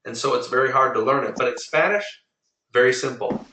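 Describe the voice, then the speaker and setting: Bright-voiced male tutor in a roomy room. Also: mid-range voice, far from the mic, a little hiss or hum. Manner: patient, drills words slowly and repeats them. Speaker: Spanish tutor. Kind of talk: online group lesson.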